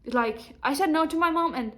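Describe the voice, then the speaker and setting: A young woman speaking to the camera from home, her voice sitting a little high for a woman. She tells a personal story and slips into a higher, livelier voice whenever she quotes someone. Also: normal speed, a bit bright. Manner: acts out quoted dialogue in a raised voice. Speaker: vlogger.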